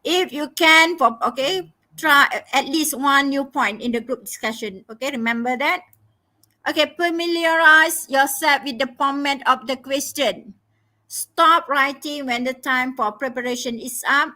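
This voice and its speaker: A woman's voice: sits high, measured pace, bright, forceful tone. A woman tutoring a live online lesson, emphatic and instructive, repeating key phrases and checking in with "okay?". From Malaysia. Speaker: English tutor.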